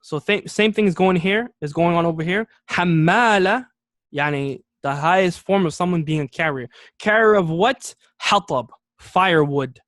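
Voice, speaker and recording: A man's voice: high-pitched, fairly bright tone, no echo, clean studio sound. Patient man teaching Arabic vocabulary. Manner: explains step by step, often checking in with "okay?"; repeats key Arabic words slowly. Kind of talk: classroom lesson.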